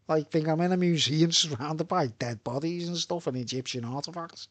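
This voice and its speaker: A man's voice: a little high, normal speed, no room sound. A man from Birkenhead with a Merseyside accent, rambling through a live monologue full of asides and "right?" tag questions. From Birkenhead, England. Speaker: vlogger.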